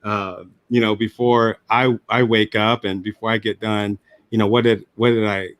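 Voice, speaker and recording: Low-voiced man hosting an interview. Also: flat delivery, moderate pace, fairly bright tone, no room sound. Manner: reflective, storytelling, many restarts. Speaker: podcast host. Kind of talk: casual interview chat.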